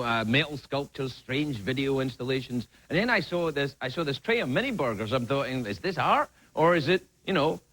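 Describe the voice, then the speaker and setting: A man's voice: mid-range voice, background noise. A man hosting a late-night talk show, delivering a jokey stand-up monologue from a studio stage. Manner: animated, jokey, breaks into silly put-on voices. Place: TV studio stage with live audience.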